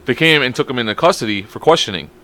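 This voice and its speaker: A man's voice: medium pitch, expressive, very fast, pushed and bright. Swearing young man telling stories. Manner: swearing storyteller, quotes people in raised voices. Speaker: podcast co-host. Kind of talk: casual chat.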